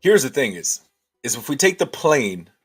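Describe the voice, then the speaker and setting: A man's voice: medium pitch, big pitch swings, normal speed, slightly rough. A man hosting a casual livestream, thinking aloud and answering chat with many restarts.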